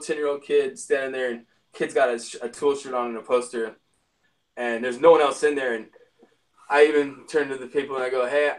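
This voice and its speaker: A man spins a long, rambling, profanity-laced story in casual talk. His voice sits at an ordinary middle pitch. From Spokane, Washington area. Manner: rambling, profane, animated retelling. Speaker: musician telling stories.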